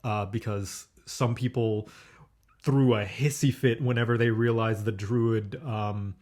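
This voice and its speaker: A man's voice: lowish voice, fairly even intonation, unhurried, darkish tone. A man co-hosting a podcast, chatting casually about a movie he just saw, opinionated and loose, with lots of "like" and "um". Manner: chatty and opinionated, many fillers like "like" and "um". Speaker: podcast co-host. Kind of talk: casual chat, movie review.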